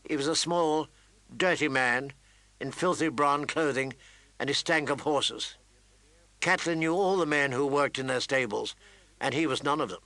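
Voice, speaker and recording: A man narrating a fantasy audiobook in a measured, steady storytelling manner. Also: medium pitch, no echo. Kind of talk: scripted narration.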